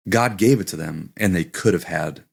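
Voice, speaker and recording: A low, husky man with a rough edge to his voice, talking casually in a Bible discussion. He hesitates and restarts often as he works out his view aloud. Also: moderate pace, a little mellow. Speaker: podcast co-host.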